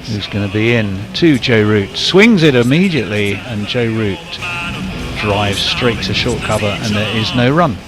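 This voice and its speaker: A man giving ball-by-ball cricket commentary, measured and lifting on big shots, with faint background noise. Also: on the low side, over music.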